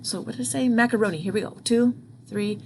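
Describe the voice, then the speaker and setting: A woman's voice: mid-range voice, rapid-fire, gravelly, darkish tone, a little hiss or hum. A music teacher explaining rhythms patiently, step by step, speaking into a computer mic at her desk. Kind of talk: online music lesson.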